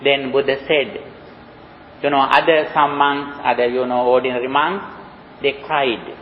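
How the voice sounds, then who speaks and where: A man with a Sri Lankan accent, a Buddhist monk, giving a dharma talk in a slow, halting way with many pauses and "you know" fillers. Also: medium pitch, little pitch movement, a little hiss or hum. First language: Sinhala. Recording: dull lo-fi recording in a reverberant hall.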